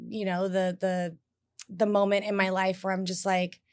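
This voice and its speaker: A woman's voice: mid-range voice, level tone, normal speed, darkish tone, smooth. A woman actor co-hosting a podcast, talking casually and thoughtfully about her work. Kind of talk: casual chat.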